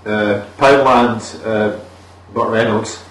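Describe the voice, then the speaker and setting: A man's voice: on the low side, fairly even intonation, slow pace, fairly bright tone. A man with a Scottish accent recapping a bad film in casual, sweary chat, acting out the characters in voices. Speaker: podcast co-host. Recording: echoey room, far from the mic, faint ambience.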